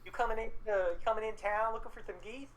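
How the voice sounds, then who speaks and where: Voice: mid-range voice, fairly even intonation, rapid-fire, a little hiss or hum, voice pushed up, close to an everyday voice, rough recording. Game master voicing a wacky dragonborn goose seller. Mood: eager salesman. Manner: folksy, enthusiastic salesman patter. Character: quirky goose-loving dragonborn shopkeeper, male. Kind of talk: tabletop role-play voice.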